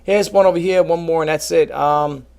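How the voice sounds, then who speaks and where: A man talking casually to his viewers about reselling, rambling and animated, often calling them folks. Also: fairly high pitch, moderate pace, gravelly. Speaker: reseller vlogger. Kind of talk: casual talk to camera.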